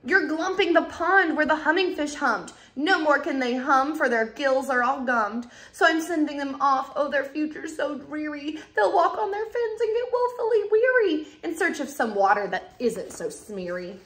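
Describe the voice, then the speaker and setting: A woman's voice: sits high, lively intonation, normal speed, few pauses, a bit bright, voice pushed up. Woman voicing a scolding little forest creature, snappish, fussy, echoey room.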